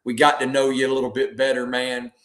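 A male host in casual talk, easygoing and rambling, often repeating words as he goes. His voice sits at a middle pitch. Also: flat delivery, quick pace, a bit bright.

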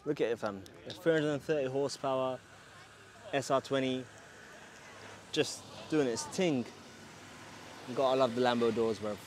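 A man's voice: medium pitch, normal speed, long pauses, darkish tone. A man vlogging at an outdoor car meet, talking in hyped, slang-heavy street talk while filming on a handheld camera. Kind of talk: casual walkaround vlog. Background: faint outdoor noise.

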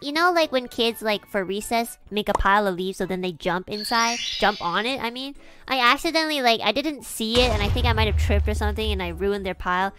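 A woman's voice: mid-range voice, lively intonation, a little fast, music in the background. A young woman streamer telling a childhood story in a chatty, rambling way, full of fillers. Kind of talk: casual storytelling.

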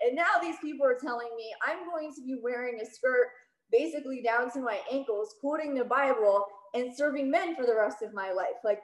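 A woman telling a personal story on stage, emotional and quick, with many "like"s. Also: fairly high pitch. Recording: roomy echo.

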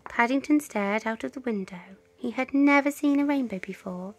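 A woman reading a children's story aloud at bedtime, soft and often close to a whisper. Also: a little high, moderate pace.

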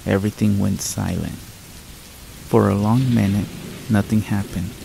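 Male horror narrator, deep gravelly fry, calm measured read, faint rain underneath. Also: slight background noise, low-quality recording. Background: rain sounds.

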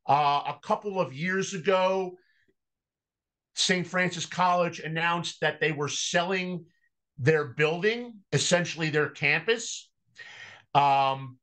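A man speaking as a guest on a sports podcast, measured and full of ums as he explains things. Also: high-pitched, a bit bright. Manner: slow, measured delivery with frequent ums. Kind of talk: casual podcast interview.

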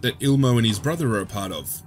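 A man's voice: mid-range voice, expressive, fast talker, slight background noise. A man giving casual gameplay commentary, chatty and joking, who swears freely as he plays.

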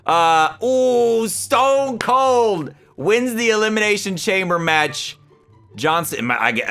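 A young man narrating his wrestling sim playthrough with a high, bouncy, very animated voice. His tone is bright and sharp, and he swings between sudden shouted reactions and low muttered asides. Faint music plays behind him. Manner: excitable, swings from loud outbursts to mumbled asides. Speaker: gaming YouTuber. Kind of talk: gaming commentary.

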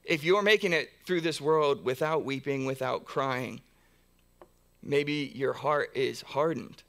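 A man preaching from the pulpit in an earnest, steady voice of ordinary pitch. He builds his points through long strings of repeated phrases, often restarting mid-thought. The sound is that of a church sermon. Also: takes it slowly. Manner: earnest, repetitive build-ups with frequent restarts. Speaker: pastor. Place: church sanctuary.

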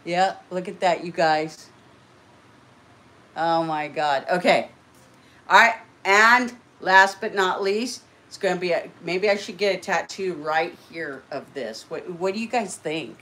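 A woman hosting a casual live stream, chatting to viewers and gushing with excitement as she opens mail. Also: fairly low pitch, a little slow. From California. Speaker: channel host.

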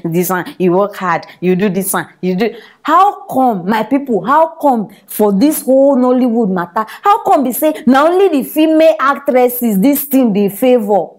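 A woman with a Nigerian Pidgin accent hosting comedy gossip news, teasing and scolding with frequent laughter. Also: sits high. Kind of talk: gossip commentary.

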